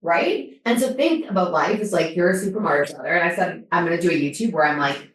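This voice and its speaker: A woman guest on a podcast in casual chat, animated and swearing, with many fillers. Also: on the low side, fast, distant mic. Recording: very roomy, from off mic.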